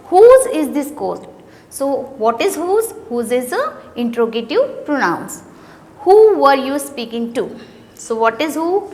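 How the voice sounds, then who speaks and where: A high-pitched woman with an Indian English accent walks through a grammar worksheet like a schoolteacher. She reads each sentence aloud, then questions and answers herself. Her voice carries a long reverb, as if in a bare room. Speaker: teacher.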